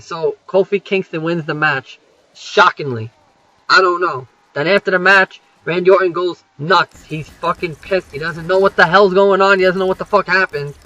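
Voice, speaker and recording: A man's voice: high voice, moderate pace, sharp tone, dry recording, dull audio. A young man rambling through a wrestling recap over gameplay, swearing freely and filling gaps with "you know" and "um".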